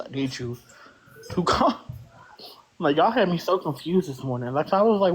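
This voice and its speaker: A man's voice: on the high side, expressive, a little fast, pauses often, breathy edge. A man retelling a confusing morning on a TikTok live stream. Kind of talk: casual storytelling.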